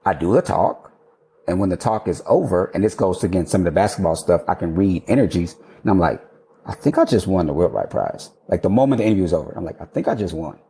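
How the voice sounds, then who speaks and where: A man with a low voice, an architect appearing as a podcast guest, tells a candid, animated story at a fast clip in casual conversation, swearing now and then.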